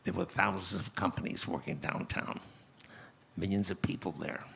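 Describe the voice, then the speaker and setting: A man in his eighties telling a personal story slowly and reflectively as a guest in a conference interview, often restarting his phrases. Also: deep voice, fairly even intonation, creaky, a bit bright, a little hiss or hum. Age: 80s. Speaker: guest speaker.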